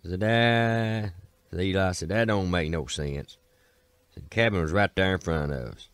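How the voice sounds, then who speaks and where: A man's voice: low-pitched, normal speed, no echo. A man with an Appalachian accent telling a folk tale in a folksy way, starting lines with "said" and doing the characters' voices. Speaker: storyteller.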